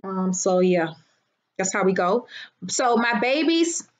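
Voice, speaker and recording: A woman's voice: medium pitch, expressive, slow pace. A woman hosting a casual live stream, brash and profane, greeting her viewers by name. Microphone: phone.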